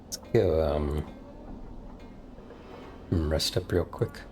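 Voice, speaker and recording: A man with a very deep voice talks casually while playing a role-playing game, pausing often with "uh" and "um." He reads dialogue off the screen between his own remarks. Faint game music plays underneath. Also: darkish tone. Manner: hesitant, many fillers, reads game text aloud. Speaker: streamer. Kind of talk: casual let's-play commentary.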